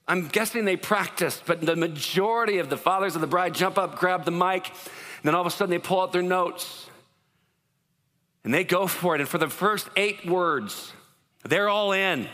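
A man preaching a sermon as pastor, in an animated, conversational way, acting out what people say. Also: high voice, big-room sound.

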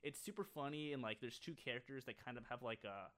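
A young man co-hosting a casual podcast, rambling with lots of fillers and quick laughs. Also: mid-range voice, a bit bright. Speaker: podcast co-host. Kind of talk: casual chat.

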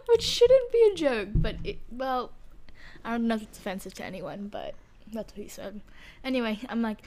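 A woman's voice: on the high side, lively intonation, moderate pace, long pauses, warm tone. A young woman co-hosting a podcast, chatting casually and rambling with lots of fillers and giggles. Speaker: podcast co-host. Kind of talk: casual chat.

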